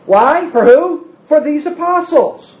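A man's voice: very high voice, lively intonation, takes it slowly, darkish tone. Guy preaching a sermon, asks questions then answers em, kinda muffled old recording. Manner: emphatic, asks rhetorical questions and answers them.

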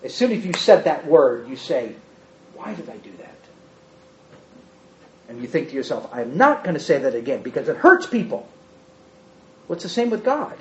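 Animated high-voiced male preacher, lo-fi. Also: fairly quick, a little hiss or hum. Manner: animated, acts out quotes with big swings in pitch and loudness. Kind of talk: sermon.

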